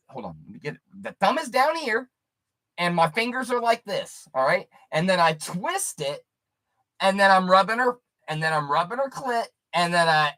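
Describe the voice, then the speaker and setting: Crude, animated man telling a story. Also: high-pitched. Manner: vulgar, animated, demonstrates with hands. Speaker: streamer.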